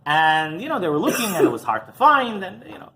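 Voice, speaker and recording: A man's voice: huge pitch swings, brisk, bright, forceful tone, a little hiss or hum. A man, a rabbi, telling stories in an informal talk, often asking "right?" and acting out the people in them. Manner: conversational storytelling, frequent "right?" and "you know"; acts out quoted voices with big pitch jumps.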